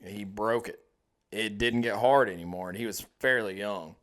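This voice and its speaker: A man's voice: fairly low pitch, normal speed, fairly bright tone. A man co-hosting a crude casual chat, profane and joking, egging his partner on. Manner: profane, joking, eggs on the other host. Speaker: podcast co-host.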